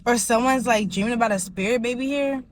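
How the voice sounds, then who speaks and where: Talking quickly in a slightly high voice over a noisy background, this woman does a casual tarot reading. She rambles and packs her speech with filler words, especially "like."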